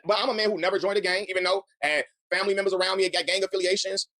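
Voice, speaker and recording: Fast-talking man, heated commentary. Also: sits high, steady tone, pushed and bright, dry recording. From Chicago. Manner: heated, earnest, repeats words as he builds a point. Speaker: commentary channel host. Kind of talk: reaction commentary.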